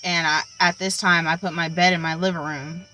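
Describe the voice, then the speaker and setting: A woman's voice: on the low side, little pitch movement, fairly quick, pushed and bright, faint music behind, poor audio. A young woman casually telling a personal story, chatty and full of likes and ums. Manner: chatty, filler-heavy, with many likes and ums. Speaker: vlogger.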